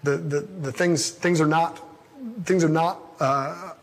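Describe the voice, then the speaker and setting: A man's voice: fairly high pitch, fairly even intonation, slow, slightly rough, full character voice. A man acting out a tired, stubborn fisherman who grumbles bluntly inside his sermon. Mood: weary. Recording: long reverb in a large hall.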